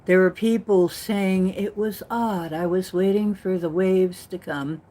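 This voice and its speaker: A woman's voice: medium pitch, steady tone, unhurried, mellow. A woman giving an earnest, rambling spiritual talk, telling a story with many restarts. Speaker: spiritual channel host.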